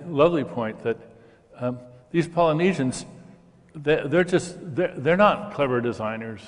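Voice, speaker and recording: A man's voice: medium pitch, in a large hall. An older man in an interview, explaining ideas with enthusiasm and stammering at the start of sentences. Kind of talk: conversational interview.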